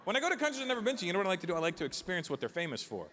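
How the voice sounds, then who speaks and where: A man in his forties performing a stand-up comedy set, talking animatedly and acting out characters in quick bits. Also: sits high, big pitch swings, background noise. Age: 40s. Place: large theater with a live audience.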